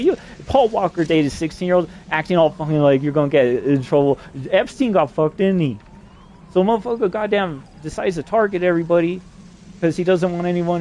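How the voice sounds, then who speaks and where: Man, higher-pitched, rapid rambling monologue, profane and excitable. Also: slight background noise. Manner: excitable, voice climbs when agitated.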